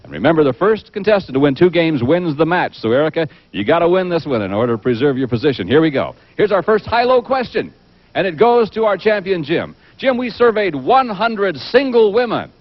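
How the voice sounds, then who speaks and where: A man hosting a game show, bantering and teasing the contestants in a brisk way. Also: a little high, very animated. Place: TV studio with live audience. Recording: dull old TV tape, studio audience. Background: studio audience.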